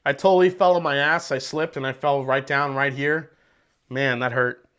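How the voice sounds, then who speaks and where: Speaking in a mid-range voice that is clean and fairly bright, a man hosts a relaxed whiskey tasting stream from home at a moderate pace with fairly even intonation. He talks loosely, wanders off topic, laughs readily and swears occasionally, all through a wireless mic with a battery pack.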